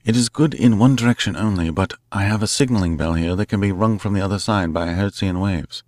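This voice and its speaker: A man voicing a resourceful male detective, calling out urgently and excitedly. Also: low-pitched, brisk, no room sound, clean studio sound, natural voice.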